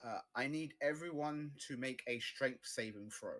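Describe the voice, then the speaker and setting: A man at a middle pitch runs a tabletop game session. He describes the action in an easygoing, improvised way. He speaks into a close desk mic for a livestream. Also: moderate pace, a bit bright. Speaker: game master.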